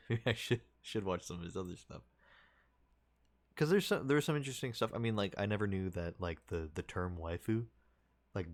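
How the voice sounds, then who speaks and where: Low-voiced rambling man. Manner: rambling, restarts sentences often. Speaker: streamer. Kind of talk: casual chat with viewers.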